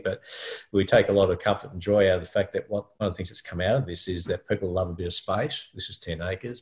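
A middle-aged Australian man, a podcast co-host, telling a rambling personal story in casual chat with many fillers. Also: sits low.

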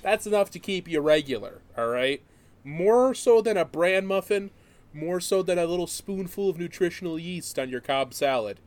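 A man co-hosting a casual comedy podcast, riffing crude jokes with loud outbursts. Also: high voice, lively intonation, normal speed. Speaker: podcast co-host.

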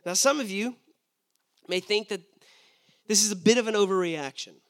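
A man's voice: sits high, moderate pace. A young man preaching a sermon, emphatic and asking his listeners rhetorical questions.

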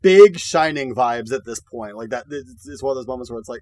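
A man's voice: mid-range voice, expressive, fairly quick, darkish tone. Joking, stammering man co-hosting. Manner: joking asides, stammering restarts. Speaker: podcast co-host. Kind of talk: casual chat.

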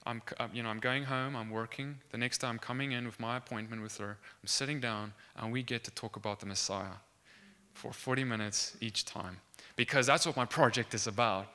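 A young man recounts a faith testimony in a very bright, crisp, clear voice. He tells it earnestly and acts out the dialogue, restarting his sentences as he goes. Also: mid-range voice, moderate pace. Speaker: student sharing a faith testimony. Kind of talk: animated testimony storytelling.

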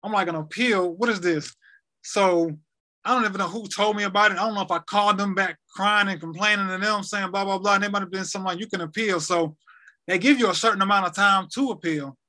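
A man's voice: high voice, fairly even intonation, fast, bright, forceful tone. A young man casually telling a personal story, rambling and repeating himself as he acts out conversations.

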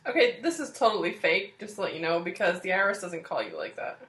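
A young woman co-hosting a casual podcast who chimes in with quick reactions and laughs easily. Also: lowish voice, very animated, fairly bright tone. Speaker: podcast co-host.

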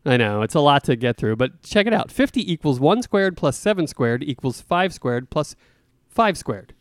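Male podcast co-host, playful and animated, slightly higher voice, dry mic. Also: moderate pace, no room sound. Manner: playful, laughs often, reads trivia aloud. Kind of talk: casual chat.

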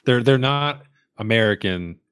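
A man's voice: mid-range voice, animated, measured pace, fairly bright tone, clean tone, dry recording. A man co-hosting a casual book podcast, thoughtful and talking through ideas with restarts. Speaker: podcast co-host discussing a book. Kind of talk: casual chat.

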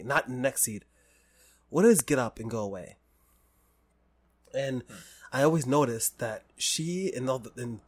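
A man from the United States hosting a casual conversation, telling long rambling stories full of "like" and "you know.". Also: medium pitch. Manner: rambling storyteller, many fillers.

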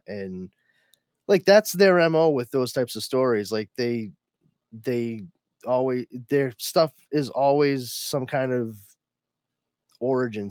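A man's voice: medium pitch, a little mellow, no room sound. A man co-hosting a podcast in casual chat, joking, laughing often and swearing freely into a close mic. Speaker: podcast co-host.

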